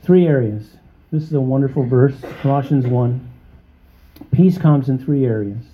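A man preaching a sermon, emphatic and conversational, often checking in with his listeners and rising to high, excited exclamations. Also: moderate pace, slight background noise. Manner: conversational, with frequent check-ins to the congregation. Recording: dull, muffled lo-fi recording.

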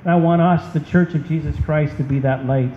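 A man's voice: fairly high pitch, steady tone, brisk, slight background noise. A man preaching a sermon as a pastor, emphatic and impassioned. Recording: dull, echoey hall.

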